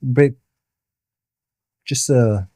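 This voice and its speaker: A man's voice: medium pitch, very slow, warm tone, no room sound, clean studio sound. A man, a podcast guest and military veteran, telling a personal story in vivid detail and patiently explaining military terms. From the Bronx, New York.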